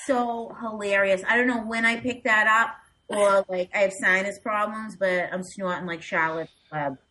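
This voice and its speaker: A woman co-hosting a podcast in casual chat, animated and self-mocking. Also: mid-range voice, moderate pace. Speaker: podcast co-host.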